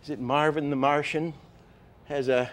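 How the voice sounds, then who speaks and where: An older man teaching animation, telling stories in a lively way and acting out example lines, with many restarts. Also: on the high side, normal speed. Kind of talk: lecture with acted-out examples.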